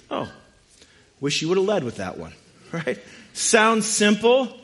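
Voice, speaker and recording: A man with a slightly high voice preaching to a congregation in a room. His tone is conversational and joking, and he drives his points with quick rhetorical questions. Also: wildly swooping pitch, fairly bright tone. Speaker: pastor. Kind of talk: sermon.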